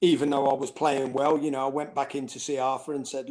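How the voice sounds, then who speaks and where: A middle-aged former footballer telling anecdotes in a casual interview, laughing and acting out quoted voices. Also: male voice, medium pitch, little pitch movement, a little fast, hardly any pauses, darkish tone.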